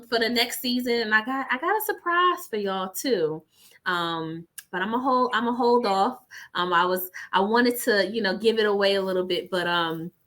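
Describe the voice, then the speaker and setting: A woman hosting a podcast in casual, effusive chat, warm with thanks and full of "y'all". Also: mid-range voice. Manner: effusive and emotional, says "y'all" a lot. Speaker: podcast host.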